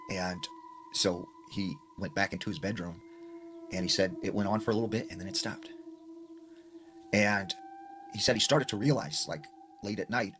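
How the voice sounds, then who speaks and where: A man casually retelling a scary story he heard, talking in a loose, conversational way with lots of fillers. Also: sits low. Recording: noisy ambient recording.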